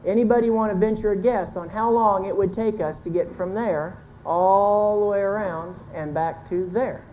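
A woman's voice: medium pitch, normal speed, lo-fi sound, slight background noise. A woman giving a folksy, earnest sermon-style talk to a church congregation, pointing to a chart and correcting herself as she goes. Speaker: church speaker teaching with a chart.

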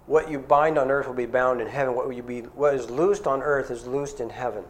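A man's voice: mid-range voice, fairly even intonation, fairly quick. A middle-aged man preaching a sermon in an earnest, conversational way, asking his listeners questions.

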